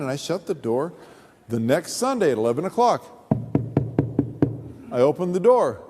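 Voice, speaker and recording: A man pastor preaching his testimony with a lively, swooping voice pitched a little high, animated and humorous. His voice carries a long reverb from a church hall. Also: moderate pace, long pauses, music in the background. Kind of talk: sermon testimony storytelling.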